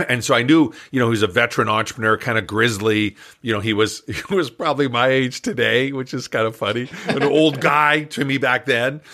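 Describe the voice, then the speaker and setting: An older man, an entrepreneur guest in an interview, telling a story in a lively, animated way with frequent laughs. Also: mid-range voice, fairly quick.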